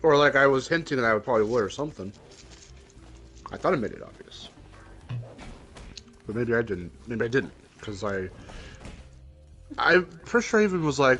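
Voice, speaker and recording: A man's voice: medium pitch, sing-song, brisk, pauses often, fairly bright tone, faint music behind. A young man hosting a casual gaming stream, joking, rambling and laughing often as he chats. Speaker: streamer and host.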